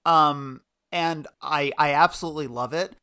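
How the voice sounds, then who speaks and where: Man co-host, bright, forward voice, thoughtful and keen. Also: a little high, measured pace, clear, resonant tone. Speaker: podcast co-host. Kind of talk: casual podcast chat.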